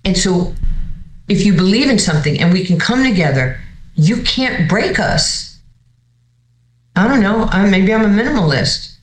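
A coach who is a guest, telling a story in conversation in an animated way, often repeating words and acting out dialogue. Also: mid-range voice, fairly quick. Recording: roomy echo.

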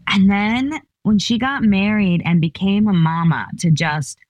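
A woman's voice: medium pitch, a little slow, darkish tone, no room sound. A woman in her fifties, a comedian chatting as an interview guest, telling stories with laughs and playful voices. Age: 50s. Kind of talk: casual interview chat.

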